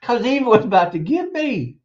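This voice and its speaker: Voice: medium pitch, big pitch swings, brisk, darkish tone, dull audio. A stream host who works as a teacher, giving a casual advice monologue about raising children, talking emphatically, repeating words for stress and chuckling between points.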